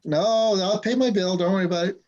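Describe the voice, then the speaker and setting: A man's voice: high voice, fast talker, darkish tone, dull audio, slight background noise. A man hosting a casual live stream chat, telling stories with an easy, laughing manner over a video call. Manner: chatty, laughing between stories. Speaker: host.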